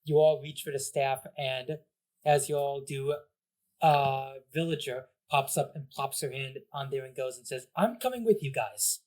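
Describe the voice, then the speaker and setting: A man's voice: medium pitch, little pitch movement, unhurried, darkish tone. A man narrating as game master of a tabletop game, casual with many fillers. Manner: casual, laughing, filler-heavy.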